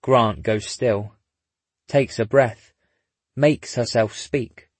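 Husky male narrator with wry asides. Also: mid-range voice, fairly even intonation, extremely slow, no room sound. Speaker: audiobook narrator. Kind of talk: scripted narration.

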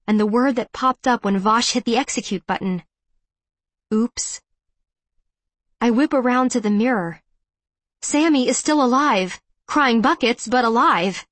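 A woman giving an intense, measured first-person audiobook narration. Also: fairly high pitch, fairly bright tone, dry recording.

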